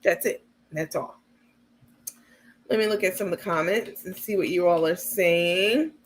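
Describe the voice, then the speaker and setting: This woman hosts a livestream at a measured pace in a lowish voice, giving plainspoken casual commentary with some swearing and remarks to viewers she calls "baby" and "you guys." Slight background noise is present.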